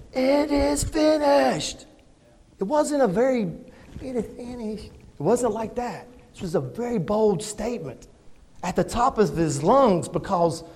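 High-voiced preacher in a reverberant hall. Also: male voice. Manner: earnest, emphatic, asks the congregation questions. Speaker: pastor. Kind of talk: sermon.

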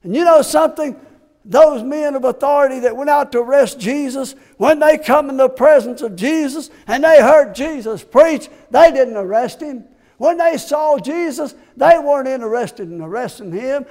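A man's voice: very high voice, animated, moderate pace, darkish tone. A man preaching a sermon with passion, asking his congregation rhetorical questions. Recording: long hall reverb.

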